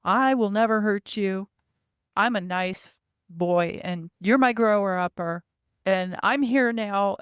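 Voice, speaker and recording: Woman voices infantile alien being, high childish sing-song, eager, smooth and dry. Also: slow, no room sound, lightly acted.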